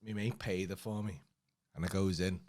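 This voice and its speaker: A man's voice: low voice, steady tone, moderate pace, a little mellow. A young man, co-hosting a casual podcast and telling rambling, sweary anecdotes. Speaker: podcast co-host. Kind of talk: casual chat, storytelling.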